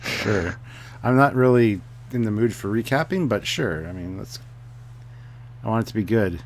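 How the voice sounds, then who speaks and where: A man's voice: on the low side, animated, moderate pace. A man co-hosting a livestream, reading out viewer messages and chatting casually with a dry, wry manner. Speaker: co-host reading viewer comments.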